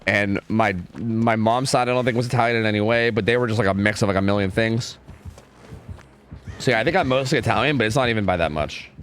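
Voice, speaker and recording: A man's voice: fairly low pitch, fast, fairly bright tone, a little hiss or hum. A young man from New York streaming a game, talking in a laid-back way with lots of filler words. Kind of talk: casual gameplay commentary.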